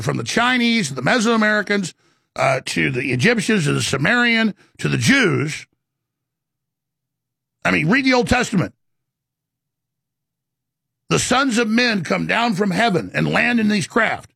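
A man with a high, gravelly voice rants at full tilt, stumbling over repeated words as he pushes on. His husky tone sits close and dry, with no room around it. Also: sharp tone, dry recording. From Texas. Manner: ranting, rapid and repetitive. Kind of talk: impassioned monologue.

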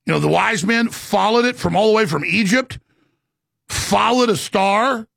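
A man with a high, gravelly voice rants at full tilt, stumbling over repeated words as he pushes on. His husky tone sits close and dry, with no room around it. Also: fairly bright tone, dry recording. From Texas. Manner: ranting, rapid and repetitive. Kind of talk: impassioned monologue.

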